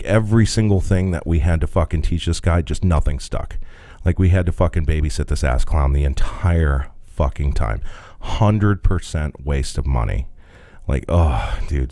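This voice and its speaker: A man's voice: low-pitched, no room sound. A man co-hosting a podcast, telling a long story in casual chat, with lots of swearing and laughing. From rural Midwest. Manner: profane, animated, laughing storyteller. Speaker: podcast co-host.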